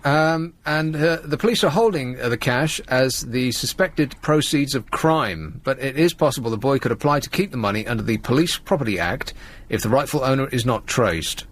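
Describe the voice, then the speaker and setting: A man's voice: mid-range voice, expressive, normal speed. A man hosting a radio show, chatting playfully and rambling through on-air items. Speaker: radio host. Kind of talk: casual radio chat.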